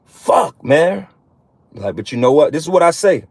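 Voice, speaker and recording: A man's voice: on the high side, sing-song, fast talker, a little mellow, dry recording. Blunt, preachy man in his thirties. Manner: blunt, profane, preachy, keeps saying "man". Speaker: religious vlogger. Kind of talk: profane street-preaching monologue.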